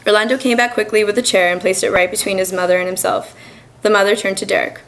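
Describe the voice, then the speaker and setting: A young woman student reading her own short story aloud at a college reading, in an even, measured manner. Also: mid-range voice, poor audio. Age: young adult. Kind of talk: literary reading.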